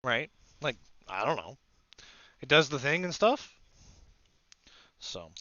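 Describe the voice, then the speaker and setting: A man's voice: mid-range voice, sing-song, slow pace, bright, forceful tone, no echo, dull audio. A man hosting a casual maker livestream, rambling to his viewers and to himself as he sets up a 3D print. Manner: rambling, talks to the audience and to himself. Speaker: maker channel host.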